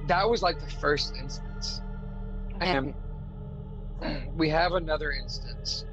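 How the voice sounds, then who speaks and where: A man from Arkansas co-hosting a casual podcast, a laid-back storyteller who fills his talk with fillers. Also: fairly high pitch. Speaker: podcast co-host. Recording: dull lo-fi audio with loud music behind.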